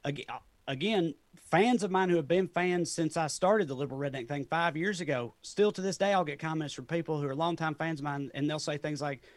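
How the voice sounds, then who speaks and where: Tennessee guy with a southern drawl, kinda high voice, rambles with lots of "like", dry close sound. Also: fairly quick, dry recording. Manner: loose and chatty, many "like"s, laughs often. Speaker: comedian guest. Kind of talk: casual interview chat.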